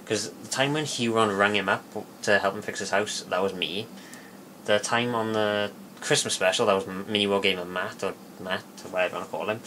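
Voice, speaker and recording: A man giving a casual spoken tutorial, rambling and halting with many fillers and restarts. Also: on the low side, bright, forceful tone, slight background noise. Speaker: video tutorial maker.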